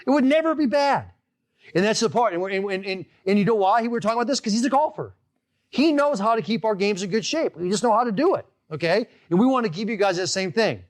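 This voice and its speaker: A man hosting a live online golf lesson as instructor, talking in an energetic, emphatic way and often checking in with "okay?". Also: sits high, fast talker. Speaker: golf instructor and show host.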